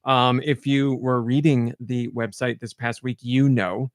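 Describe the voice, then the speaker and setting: A man hosting a casual podcast, telling stories in an animated way and acting out quotes. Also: medium pitch, a little slow, dry recording, clean studio sound. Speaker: podcast host.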